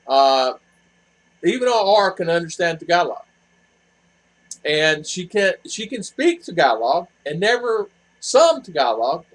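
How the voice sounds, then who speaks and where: A man hosts a casual live chat and answers viewers one after another. His voice sits a little high, and his talk wanders, full of fillers and false starts. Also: a bit bright, low-quality recording. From expat living in the Philippines. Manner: rambling, with many fillers and restarts.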